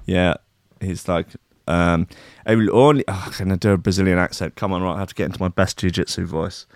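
A man with a lowish voice chats through the news in a casual commentary style. He reads items aloud and breaks off into irreverent, profane asides. The sound is dry and close to the mic. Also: level tone, brisk, no echo. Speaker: podcast host.

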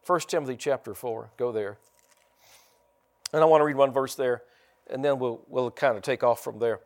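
A man preaching a sermon as pastor. He uses emphatic call-and-response, repeats phrases and slows down to stress key words. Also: medium pitch. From United States.

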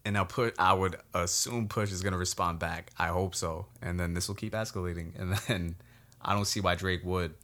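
A man's voice: low-pitched, fairly even intonation, moderate pace, fairly bright tone. A man co-hosting a podcast, laid-back, talking things through with rhetorical questions. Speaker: podcast co-host. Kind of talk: casual chat.

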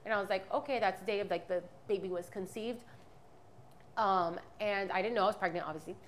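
A woman's voice: mid-range voice, a little fast, a little hiss or hum. A woman in her twenties giving a candid, rambling personal testimony as a podcast guest. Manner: candid, rambling, many fillers and restarts.

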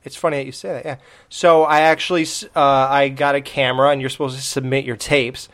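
A man's voice: mid-range voice, little pitch movement, a little fast, a bit bright. Rambling guy podcast co-host. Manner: rambling, laughs a lot, many restarts. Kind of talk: casual chat.

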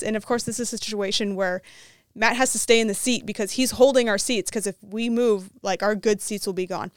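A woman co-hosting a casual chat show, telling a story with lively acted-out quotes. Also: on the high side, a little fast, clean tone, no echo. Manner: animated storyteller, acts out quotes. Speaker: co-host.

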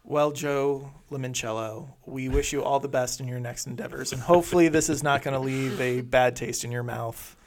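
A man's voice: medium pitch, fairly even intonation, moderate pace, few pauses. A man co-hosting a casual gaming podcast, prompting guests and slipping in dry, teasing jokes. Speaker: podcast co-host.

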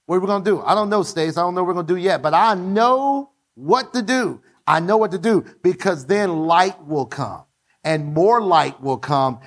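A male pastor preaching a sermon in church, repeating phrases and calling on the congregation to say them with him. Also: high voice.

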